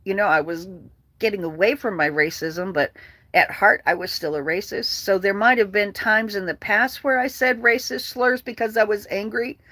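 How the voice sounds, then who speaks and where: Reading out comments from her viewers, an older livestream host rants bluntly and profanely. Her medium-pitched voice sounds pushed and bright, and the recording is dry.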